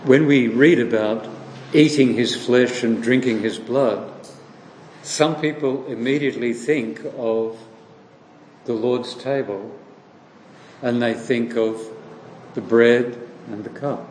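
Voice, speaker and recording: A man preaching a sermon slowly and deliberately, posing questions to his listeners and answering them himself. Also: medium pitch, a little mellow. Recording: echoey hall with long reverb, faint noise.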